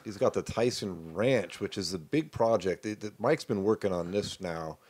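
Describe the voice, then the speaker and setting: Profane, lower-voiced podcast co-host. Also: male voice, moderate pace. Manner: profane, animated storyteller. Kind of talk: casual chat.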